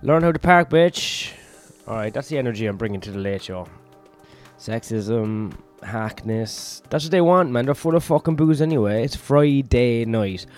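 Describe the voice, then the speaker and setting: A run-down man talks into his podcast mic with crude, self-mocking banter, dropping swears every few words. His voice sits at an ordinary middle pitch, with faint music playing underneath. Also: animated, normal speed, darkish tone. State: tired, run-down. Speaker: comedian podcast host. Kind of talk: rambling solo podcast.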